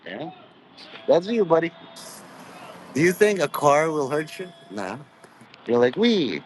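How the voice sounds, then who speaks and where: A man's voice: a little high, lively intonation, unhurried, slight background noise, poor audio. A man talking in a meandering, profane monologue, full of "you know" and jumping between mock-preachy asides. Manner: mock preachy, drifts into quoted voices. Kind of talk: rambling monologue.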